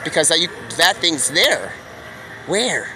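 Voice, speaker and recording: A man with a high, bright voice rambles on in casual slang, leaping from one idea to the next with excitable energy. He is outdoors, with faint street and vehicle noise behind him. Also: slow pace. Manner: excitable, slangy, jumps between topics. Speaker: live streamer. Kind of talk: rambling stream-of-consciousness monologue.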